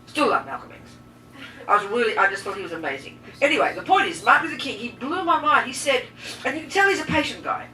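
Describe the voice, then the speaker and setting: A woman teaches a group in a bright, fairly high voice. She talks with lively emphasis and turns straight to her listeners. The sound is echoey and distant, with faint noise underneath. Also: fast. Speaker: Buddhist teacher. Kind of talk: teaching talk with questions.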